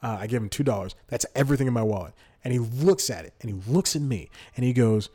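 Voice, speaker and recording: A man's voice: mid-range voice, brisk, mellow. A man in his twenties hosting a solo comedy podcast, rambling through stories with frequent restarts and laughs. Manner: rambling, restarts often, laughs mid-sentence. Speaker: podcast host.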